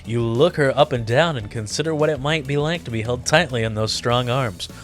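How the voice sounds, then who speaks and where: A man's voice: mid-range voice, fairly quick, soft background music. A man playing a dating sim as a gaming creator, reading the text aloud with playful, theatrical commentary. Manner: playful, theatrical, laughs often. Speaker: gaming YouTuber.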